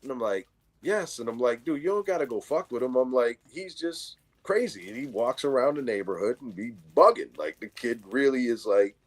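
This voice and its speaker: A middle-aged man with a New York accent, co-hosting a casual chat and telling animated stories full of swearing, acting out what people said. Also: mid-range voice, fairly quick, few pauses. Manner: animated storyteller, acts out quotes, heavy swearing. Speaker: co-host.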